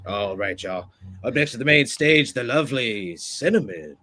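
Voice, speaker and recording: A man's voice: mid-range voice, lively intonation, moderate pace, bright, forceful tone. A man putting on the voice of a stereotypical club radio DJ with showy announcer patter. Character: cheesy male strip-club radio DJ announcer.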